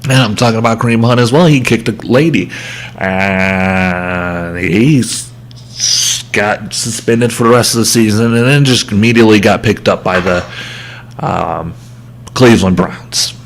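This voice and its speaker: Guy ranting about sports on his show, slow drawl, bit of hum behind. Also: lowish voice. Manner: heated ranting with self-aware humor. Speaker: podcast host. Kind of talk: sports rant.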